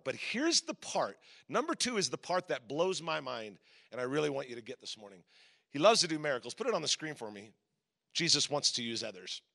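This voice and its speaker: A middle-aged man from Southern California preaching a sermon, telling a personal story with lively voices for the people in it. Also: fairly high pitch, fairly quick, creaky. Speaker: guest preacher.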